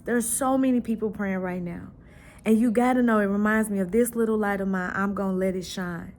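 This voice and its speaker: A woman's voice: on the high side, fairly quick, slight background noise. Heartfelt woman vlogger sharing her faith. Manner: animated storyteller, prayerful and heartfelt. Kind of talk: casual devotional chat.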